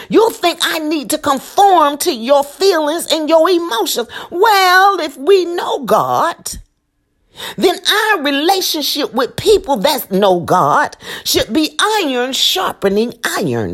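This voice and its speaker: A woman's voice: high-pitched, a bit bright. A woman preaching an impassioned sermon, emphatic and repeating her lines with asides to the listeners.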